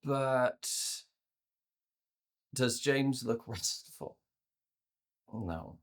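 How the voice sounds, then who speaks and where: A man presenting a workshop on communication to a virtual audience, conversational and animated, often repeating words as he restarts his sentences. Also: extremely slow. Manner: acts out inner voices with playful pitch jumps. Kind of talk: live talk to a virtual audience.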